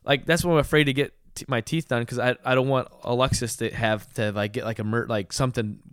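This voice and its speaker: A man's voice: mid-range voice, fairly even intonation, fast talker, clean tone, no echo, studio quality. A young man, a podcast guest, telling rambling stories in casual chat, often restarting his sentences.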